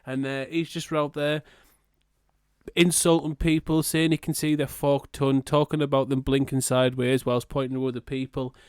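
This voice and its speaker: A man's voice: mid-range voice, little pitch movement, normal speed, darkish tone, clear, resonant tone, dry recording, studio quality. A man co-hosting a podcast, riffing in a sweary, playfully exaggerated way. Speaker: podcast co-host. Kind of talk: casual comedic chat.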